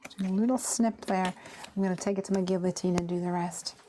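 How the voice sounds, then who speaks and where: A woman's voice: on the low side, steady tone, a little fast, warm tone, slight background noise. Chatty woman crafting live. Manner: chatty, talks herself through each step. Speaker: crafting host. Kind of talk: casual live craft demo.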